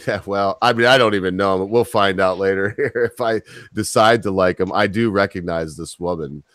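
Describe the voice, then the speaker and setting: A man's voice: low voice, normal speed, fairly bright tone, dry recording. An American man hosting a podcast, reading news articles aloud and breaking off into blunt, mocking asides. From United States. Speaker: podcast host.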